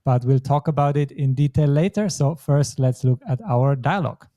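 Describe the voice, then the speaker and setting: A man's voice: mid-range voice, normal speed, warm tone. A man teaching a language lesson, explaining patiently step by step. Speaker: German teacher.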